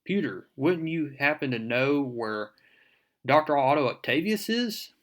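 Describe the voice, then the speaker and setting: A man's voice: on the high side, lively intonation, unhurried, fairly bright tone. A man doing a wry veteran reporter. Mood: prying.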